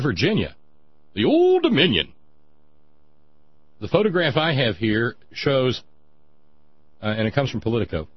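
A man hosting a sarcastic political commentary monologue, mocking and dry, with a husky voice. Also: mid-range voice, highs cut off. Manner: sardonic, mocking, dry asides.

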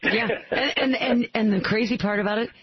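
A man's voice: sits high, steady tone, fairly quick, slightly rough, no room sound. A male radio co-host, chiming in eagerly and agreeably between calls. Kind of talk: call-in radio talk. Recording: slightly muffled dry broadcast audio.

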